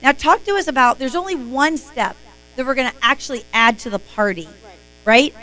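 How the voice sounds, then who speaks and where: A woman's voice: sits high, moderate pace, bright, forceful tone, rough recording. A woman hosting a live-stream sales training, talking in an emphatic, motivational way.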